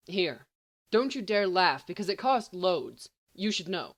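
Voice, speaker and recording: A woman's voice: lowish voice, big pitch swings, a little slow. A woman reading a flustered, boastful young man. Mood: nervous, apologetic. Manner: flustered then giddy boasting. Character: young male student, bumbling and boastful. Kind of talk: amateur audiobook reading.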